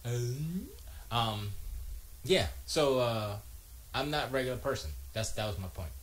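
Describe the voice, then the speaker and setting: A man's voice: mid-range voice, animated, measured pace, fairly bright tone. Man rambling and joking on a livestream. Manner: rambling and joking, with muttered asides to himself. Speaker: live streamer reading chat. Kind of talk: casual livestream chat. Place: home music studio.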